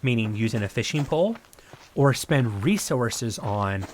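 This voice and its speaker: A man streaming a survival game live, thinking aloud in a relaxed, rambling way as he plays. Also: mid-range voice, measured pace, a little hiss or hum. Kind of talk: casual live-stream gameplay commentary.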